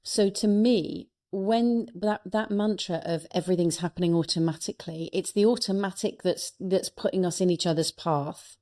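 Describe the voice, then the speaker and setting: A woman's voice: medium pitch, measured pace, few pauses, dark tone. A woman, a speaker and coach, telling personal stories in an earnest, reflective way as an interview guest. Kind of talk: reflective conversational storytelling.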